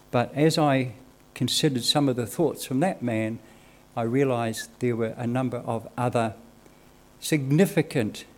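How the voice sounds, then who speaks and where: A man delivers a sermon in a measured, earnest manner. His voice sits at an ordinary middle pitch, and he moves between teaching and reading Scripture aloud. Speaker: lay preacher.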